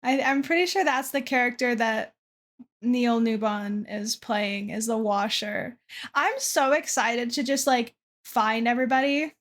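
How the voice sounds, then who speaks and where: A woman's voice: fairly high pitch, measured pace, fairly bright tone. A young woman streamer chatting casually to her chat from a dim room at her desk, self-deprecating and trailing off with fillers.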